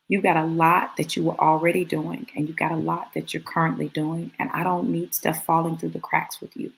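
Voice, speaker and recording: A calm, loving God speaks softly and firmly, as a woman quotes him. The voice is reassuring, lowish and slightly gravelly. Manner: firm, reassuring, quietly spoken.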